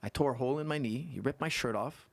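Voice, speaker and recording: A man who is a guest coach on a podcast, telling stories and explaining technique in an animated way that repeats points for emphasis. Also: medium pitch, fast, creaky, dry recording. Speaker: guest martial arts coach. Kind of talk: casual podcast conversation.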